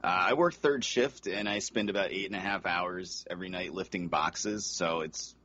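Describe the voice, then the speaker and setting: A man's voice: low-pitched, moderate pace, fairly bright tone, slightly rough, muffled recording. A middle-aged man guesting on a podcast, joking in a dry, self-mocking way. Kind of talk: casual chat.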